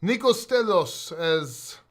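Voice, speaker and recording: A man's voice: high-pitched, very animated, slow pace. A man hosting a crypto live stream, talking straight to his chat viewers in a casual, emotional way and swearing freely.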